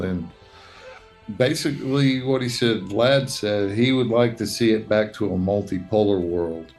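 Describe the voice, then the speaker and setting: A man's voice: fairly low pitch, a little mellow. A man talking bluntly and matter-of-factly in a casual livestream chat.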